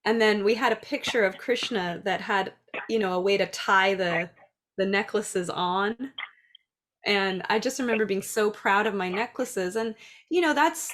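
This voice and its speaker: A middle-aged woman who teaches dance and preschool, speaking in a chatty, lively way about classroom ideas. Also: medium pitch, a little hiss or hum. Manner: chatty, lively, acts out little voices. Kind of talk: casual talk.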